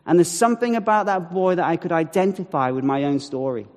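A man's voice: fairly high pitch, fast talker. Man telling a story in a reverberant hall. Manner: animated storytelling with acted-out quotes and wry asides. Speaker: speaker telling a testimony. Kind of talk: storytelling talk.

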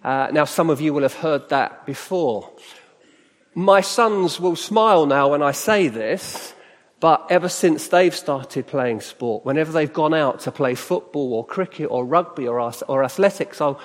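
A middle-aged man from Britain gives a chatty sermon-style talk, putting questions to his listeners as he goes. His voice sits a little high for a man. It rings out with a long reverb across a church hall. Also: expressive, a little slow. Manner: chatty, conversational, asks the audience questions. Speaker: church speaker.

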